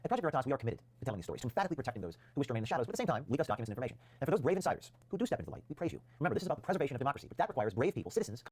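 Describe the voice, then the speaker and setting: A man's voice: medium pitch, sing-song, rapid-fire, hardly any pauses, a little mellow, breathy edge, no echo. A man presenting a news video, narrating a scripted piece in an emphatic, rousing way.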